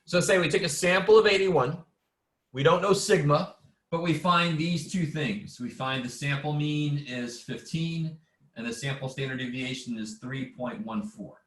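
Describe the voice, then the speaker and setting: A man's voice: a little high, moderate pace, a bit bright. Casual man teaching stats over video call. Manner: informal, self-deprecating, mutters asides and mild curses. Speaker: math instructor. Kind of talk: casual online lecture. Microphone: video call mic.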